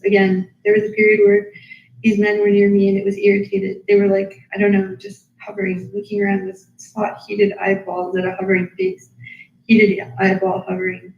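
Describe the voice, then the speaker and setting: A woman's voice: mid-range voice, vocal fry, darkish tone. A tired woman reading her own diary aloud in an apartment, captured by someone else's livestream. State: tired after a long reading. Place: apartment room. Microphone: livestream captured by another person's device. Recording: roomy, slightly dull livestream audio.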